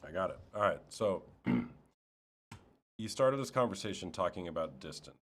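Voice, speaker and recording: A man's voice: sits low, big pitch swings, unhurried, slightly rough. A man from America hosting a casual street interview, teasing and joking and laying out scenarios for his guest. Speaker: host.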